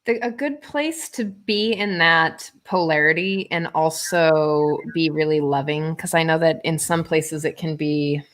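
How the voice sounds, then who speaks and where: A woman's voice: low-pitched, unhurried, few pauses. A woman co-hosting a conversation, speaking earnestly, searching for words and laughing easily. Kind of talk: casual conversation.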